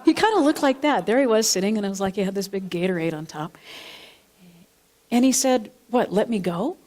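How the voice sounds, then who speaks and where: A woman's voice: medium pitch, lively intonation, fairly quick, a little mellow. A woman minister delivering a sermon, telling a counseling story and repeating and rephrasing her points as she goes. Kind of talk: sermon with personal anecdote. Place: church sanctuary.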